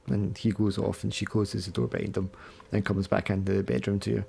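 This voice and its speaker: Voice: sits low, flat delivery, brisk, creaky, mellow, soft background music. A game master casually narrating a tabletop role-play scene, with many fillers.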